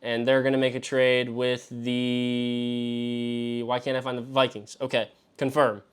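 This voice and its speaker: A man hosting a live stream as he works through a mock draft, talking to himself and swearing freely. He swings between exasperated yelps and low mutters. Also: level tone, unhurried, clean tone. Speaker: fantasy football show host. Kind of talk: live-streamed solo commentary.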